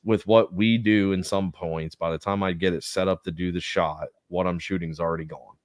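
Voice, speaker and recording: A man's voice: low-pitched, steady tone, normal speed, no echo, studio quality. A man chatting casually on a podcast, telling rambling stories full of swearing. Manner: profanity-heavy rambling storytelling. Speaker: podcast co-host. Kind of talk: casual chat.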